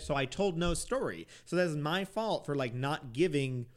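A man's voice: fairly high pitch, expressive, fairly quick, hardly any pauses. A man co-hosting a podcast, chatting casually and filling his talk with "like". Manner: chatty, peppered with "like", laughs easily. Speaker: podcast co-host. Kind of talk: casual chat reviewing a TV show.

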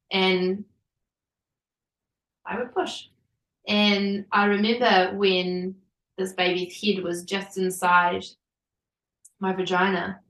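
A woman's voice: mid-range voice, echoey room, distant mic, low-quality recording. Woman telling her story, laughing. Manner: animated, laughing, many likes. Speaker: podcast guest. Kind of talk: personal storytelling.

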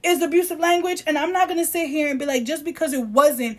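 A woman's voice: sits high, fairly even intonation. A woman co-hosting a casual podcast chat, ranting in a heated, emphatic way and reading quotes aloud in mock voices. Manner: heated, emphatic, rapid ranting with apologies for shouting. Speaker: podcast co-host.

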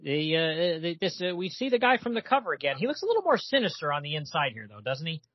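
A man's voice: a little high, sing-song, fast, dry recording, muffled recording. A man co-hosting a comics podcast in casual chat, talking in a hesitant, chatty way with many fillers.

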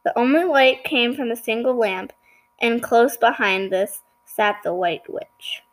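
Higher-voiced woman reading a storybook aloud. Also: unhurried, poor audio. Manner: stumbles and apologizes for slips. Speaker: reader. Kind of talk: reading a children's book aloud.

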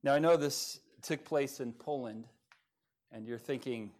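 A man preaching as pastor at a church service, with folksy humor, swinging from quiet asides to loud, rising passages. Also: mid-range voice, a little slow. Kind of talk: sermon.

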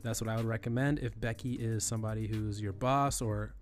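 A man with a lowish voice and fairly even intonation talks fairly quickly over soft background music. He's teaching email etiquette in a screen-recorded tutorial, keeping it loose and conversational, often restarting and repeating phrases with fillers.

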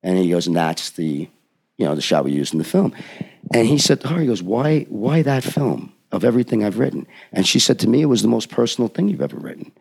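A man on a podcast telling an animated story and acting out the people in it with emphatic delivery. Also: deep voice, fast, creaky. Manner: acts out the people in his story, lively and emphatic. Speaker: podcast guest.

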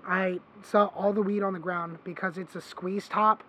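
High-voiced man telling a wild story. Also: normal speed, slight background noise, rough recording. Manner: animated, swearing, acts out quoted voices. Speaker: podcast host. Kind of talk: casual storytelling chat.

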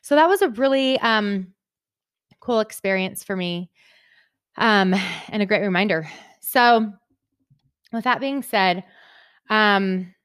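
A woman's voice: mid-range voice, slow, long pauses, a bit bright, smooth, no room sound, clean studio sound. A young adult woman hosting her own podcast, talking in a casual, upbeat monologue and often tagging sentences with "right?". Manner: chatty, upbeat, frequent "right?" tags. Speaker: podcast host.

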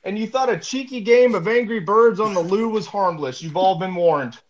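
A man's voice: high-pitched, normal speed, highs cut off. A man co-hosting a casual podcast, rambling with many fillers as he reads a news story aloud and laughs along. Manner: rambling, full of fillers, laughs while reading. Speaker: podcast co-host.

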